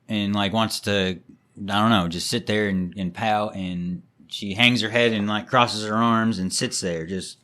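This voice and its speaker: A man's voice: fairly low pitch, steady tone, measured pace, pushed and bright. A man co-hosting a casual podcast chat, laid-back, acting out his toddler's replies as he tells stories. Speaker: podcast co-host.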